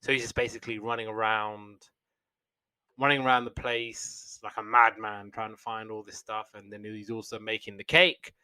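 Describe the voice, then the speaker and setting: A man's voice: fairly low pitch, flat delivery, normal speed, bright, forceful tone, smooth, no room sound. A young man hosting a podcast, casually retelling old cartoon episodes in a rambling way with fillers and restarts.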